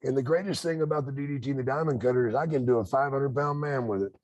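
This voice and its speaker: A man's voice: mid-range voice, fast talker, darkish tone, highs cut off. Older guy tossing in dry jokes, plain mid voice, no room echo. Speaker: guest, former wrestler. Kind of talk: podcast conversation.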